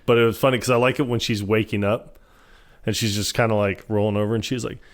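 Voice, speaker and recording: A man's voice: fairly low pitch, fast. A man co-hosting a podcast, chatting casually and animatedly about a film's scenes. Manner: animated, acts out lines from scenes. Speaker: podcast co-host. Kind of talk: casual movie recap chat.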